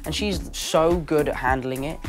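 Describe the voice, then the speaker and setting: A man's voice: a little high, normal speed, music in the background. A young man from London with an English accent, telling stories as an actor guest in a casual interview and acting out other people's voices. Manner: animated storyteller who acts out other voices.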